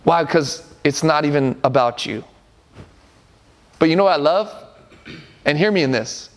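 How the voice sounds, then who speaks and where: A man's voice: fairly high pitch, expressive, unhurried. A man around forty preaching a sermon as a pastor, earnest and emphatic, repeating phrases for effect.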